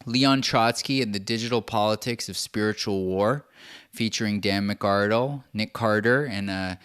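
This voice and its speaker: A man's voice: fairly low pitch, moderate pace, a bit bright, smooth. A man hosting his own show, ranting in casual, profane, sarcastic commentary and laughing as he talks. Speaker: podcast host.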